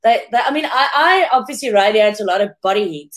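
A woman's voice: mid-range voice, expressive, fairly quick. A woman from South Africa, a former contestant chatting casually as a podcast guest over a video call, laughing often and restarting her sentences.

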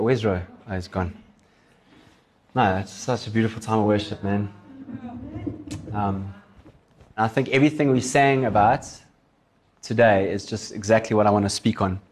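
A man's voice: lowish voice, normal speed, pauses often, slight background noise. A man, a pastor preaching in a casual, chatty way, telling stories and laughing along. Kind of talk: sermon storytelling.

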